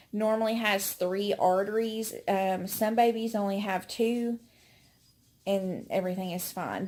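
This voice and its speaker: A woman's voice: medium pitch, a little mellow. A pregnant woman giving a casual, chatty update to her channel, a little out of breath, with many ums and restarts. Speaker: vlogger.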